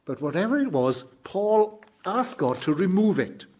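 A middle-aged male preacher with a slightly raised pitch and a husky edge to his voice. He preaches earnestly, rising to loud exclamations, then dropping to hushed, quiet lines. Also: very animated, unhurried. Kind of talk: sermon.

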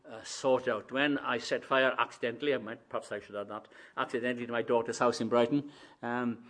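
Bright-voiced older preacher. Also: male voice, medium pitch. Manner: acts out both sides of imagined dialogues; swings from quiet asides to loud emphatic declarations. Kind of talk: sermon.

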